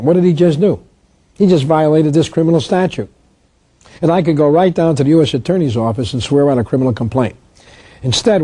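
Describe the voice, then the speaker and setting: A man's voice: fairly high pitch, mellow, husky, dry recording. A man giving an emphatic, argumentative talk on tax law, reading statutes aloud and pushing his point hard. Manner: emphatic, argumentative, rises sharply when acting out confrontations.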